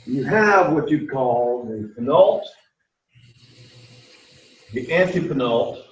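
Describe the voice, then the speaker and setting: A man's voice: medium pitch, animated, slow pace, highs cut off. A middle-aged man teaching a Greek class, lecturing to students in an emphatic way and repeating his key points.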